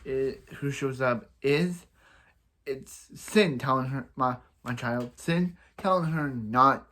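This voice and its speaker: A man's voice: mid-range voice, slow pace, bright, forceful tone. A young man talks through a TV episode in a loose, rambling recap, circling back over the same points. He breaks into playful sound effects and repeats phrases for emphasis, like a reviewer chatting straight to his viewers.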